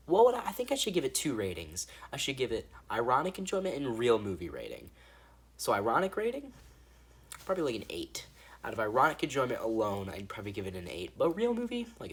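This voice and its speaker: A man's voice: mid-range voice, husky. A man giving a casual, rambling movie review, swearing freely and restarting his sentences. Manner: rambling and profane, with frequent restarts.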